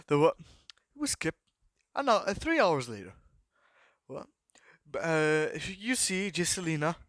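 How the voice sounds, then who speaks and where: A man's voice: a little high, fairly bright tone, no room sound, clean studio sound. Rambling young man telling a story. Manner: rambling, many fillers and repeated "the what?" prompts. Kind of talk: casual improvised story narration.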